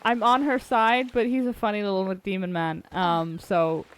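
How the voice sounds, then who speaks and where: A woman's voice: medium pitch, flat delivery, moderate pace, slight background noise. Wry swearing woman streamer. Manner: chatty, wry, swears casually. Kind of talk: casual gameplay commentary.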